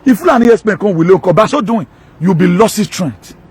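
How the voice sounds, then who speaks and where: High-voiced Nigerian pastor preaching hard. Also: male voice, animated, brisk, darkish tone, husky. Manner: emphatic, mixes Pidgin and local words, rhetorical questions. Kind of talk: impassioned sermon.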